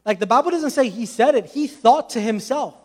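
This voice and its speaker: A man's voice: extremely high pitch, expressive, a little fast. A man preaching a sermon with passion, speaking conversationally and adding many casual asides.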